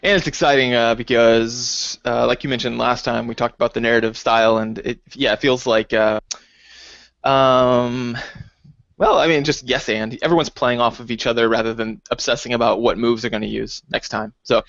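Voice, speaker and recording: A man co-hosting a casual podcast chat, talking lively and slipping into high, exaggerated quoted voices. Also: moderate pace, gravelly, no echo. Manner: animated, jumps into high acted quotes. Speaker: podcast co-host. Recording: dull dry lo-fi recording.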